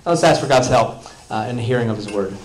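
A man's voice: mid-range voice, fast, a little hiss or hum, poor audio. A man preaching a sermon at a church service, reading scripture expressively and breaking off for casual asides. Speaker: pastor.

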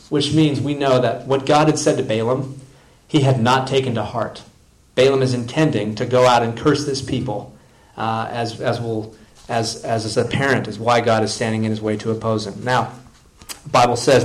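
A man's voice: medium pitch, steady tone, normal speed, poor audio. A man preaching a sermon at a church service, reading scripture expressively and breaking off for casual asides. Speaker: pastor.

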